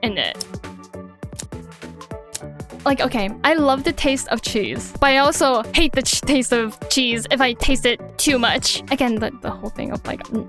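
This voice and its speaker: A woman introducing herself to viewers in a casual, rambling way, giggling and correcting herself as she goes. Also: high voice. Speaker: VTuber debuting her channel. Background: soft background music.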